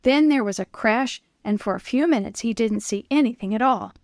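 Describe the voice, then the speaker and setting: A woman reading a children's Bible story aloud in a clear, expressive storyteller manner. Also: fairly high pitch, normal speed, dry recording, clean studio sound. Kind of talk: scripted children's story narration.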